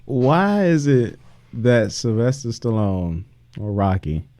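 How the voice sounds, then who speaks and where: A man's voice: medium pitch, very animated, slow, warm tone, no echo. A man co-hosting a casual movie podcast, laughing often and repeating himself as he talks. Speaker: podcast co-host.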